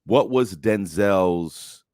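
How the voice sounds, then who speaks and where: A very deep-voiced man co-hosting a relaxed chat show. He rambles, hunts for words and laughs easily. The recording is dry and close. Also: very slow, dry recording. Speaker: co-host. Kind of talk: casual chat.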